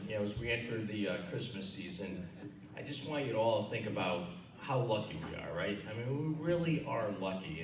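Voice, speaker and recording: A man's voice: lowish voice, a little hiss or hum. A man in his sixties with a Connecticut accent, giving a casual, rambling acceptance speech at a dinner, full of fillers. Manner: conversational, rambling with many fillers. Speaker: hall of fame inductee giving acceptance speech. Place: banquet hall. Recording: echoey hall, recorded from far off.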